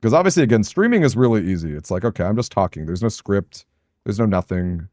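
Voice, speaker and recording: A young man with a fairly low voice chats loosely through a live game stream. He reads comments aloud, laughs easily and second-guesses himself. The sound is close and dry with no room behind it. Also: expressive, fast, a little mellow, dry recording. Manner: chatty, self-conscious, laughs often, reads chat aloud. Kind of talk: casual live-stream chat while playing.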